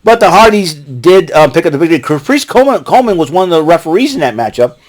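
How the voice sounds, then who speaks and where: A man's voice: fairly high pitch, sing-song, fast talker. A man casually recapping a wrestling show, rambling with fillers and often breaking into laughter. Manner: watching a ball game while talking.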